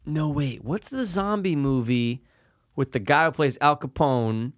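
A man co-hosting a casual chat, animated and crude, saying dude a lot. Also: a little high, a little slow, no room sound, clean studio sound. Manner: animated, swears, says "dude" often.

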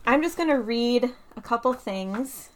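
A woman's voice: a little high, expressive, a little slow, slight background noise. A woman poet talking casually and thoughtfully about writing, often saying "like" and "right". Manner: thoughtful, uses many fillers like "like" and "right". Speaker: poet and guest speaker. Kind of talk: casual conversational talk with poetry reading.

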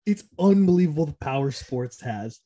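A young man co-hosting a sports podcast, chatting casually and excitably, laughing often. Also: fairly high pitch, normal speed, lo-fi sound. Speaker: podcast co-host. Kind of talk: casual chat.

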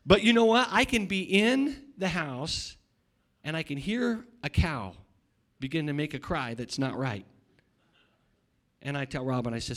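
Preaching in a slightly high, expressive voice at a somewhat slow pace, a middle-aged male pastor alternates between shouting loudly and speaking quiet asides. He frequently repeats words and restarts his sentences.

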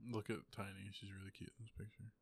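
A man's voice: lowish voice, level tone, fast talker, gravelly, no room sound. A man co-hosting a casual podcast chat, laid-back and cracking dry quips. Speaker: podcast co-host.

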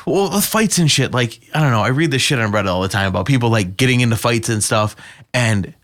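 A man telling a story in a casual podcast chat, swearing freely, laughing often and shouting when he quotes himself. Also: medium pitch, expressive, fast.

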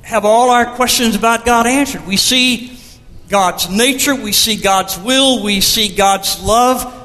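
A man preaching a sermon as pastor, with a measured storytelling manner, recorded in a church sanctuary. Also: extremely high pitch, bright, forceful tone, big-room sound.

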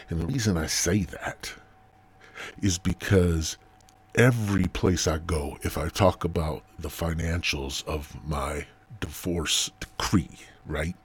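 A man from the United States with a low, heavily husky voice, rambling through a casual podcast monologue. He swears freely and often loses track of what he was saying. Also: unhurried. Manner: rambling, profane, loses his train of thought. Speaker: podcast host.

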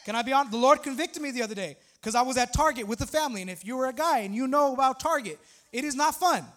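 High-voiced male pastor preaching. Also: quick pace, fairly bright tone. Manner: conversational, humorous preaching with rising emphatic outbursts. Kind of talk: sermon.

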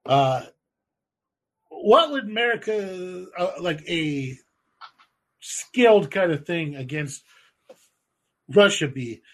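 A man chats casually on a podcast, swearing freely and rambling through filler words. His animated, husky voice sits on the high side, and he speaks slowly with long pauses.

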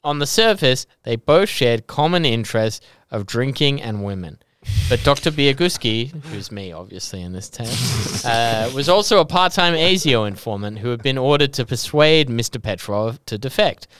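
A man's voice: medium pitch, lively intonation, normal speed, few pauses, a bit bright, smooth, dry recording, studio quality. A man with an Australian accent, a podcast co-host reading out a true-crime story and laughing and joking between lines.

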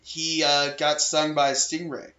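A man's voice: on the high side, little pitch movement, a little slow, bright, forceful tone. Casting: man in his 20s, chatty podcast co-host, roomy echo, dull lo-fi sound. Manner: chatty, reads facts aloud, laughs often. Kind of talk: casual chat. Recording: echoey room, lo-fi podcast audio.

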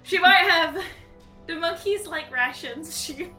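A woman playing a tabletop game, chatty and quick, saying "like" a lot. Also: extremely high pitch, pushed and bright, soft background music. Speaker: player. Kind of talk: casual tabletop play.

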